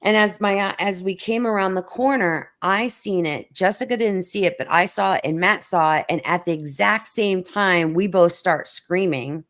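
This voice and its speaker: A middle-aged woman hosting a casual chat, telling a story with many restarts and acting out quotes in a higher voice. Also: moderate pace, few pauses, fairly bright tone. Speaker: host.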